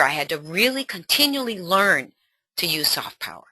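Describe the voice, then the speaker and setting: A middle-aged woman teaching a parenting webinar as a coach, in an animated and encouraging way. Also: mid-range voice, moderate pace, no echo.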